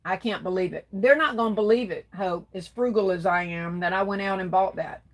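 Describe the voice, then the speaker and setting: A woman's voice: medium pitch, a little fast. A woman hosting a craft livestream, reading viewer comments aloud and chatting back with endearments like baby and darling. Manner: warm, affectionate, calls viewers baby and darling. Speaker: livestream host.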